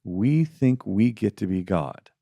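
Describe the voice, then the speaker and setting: A middle-aged man with a low, gravelly voice co-hosts a faith podcast in a dry, close-miked sound. His talk is casual and animated, and he slips into mocking voices when he quotes people. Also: slow, dry recording. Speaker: podcast co-host.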